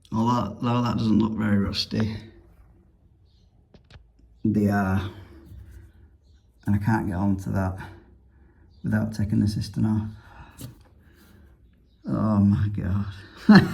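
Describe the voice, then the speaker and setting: Low-voiced english plumber bloke chatting through a toilet job, dry moany asides. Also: male voice, gravelly, darkish tone. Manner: chatty, dry grumbling asides while working. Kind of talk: casual work vlog narration. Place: indoor bathroom on a job.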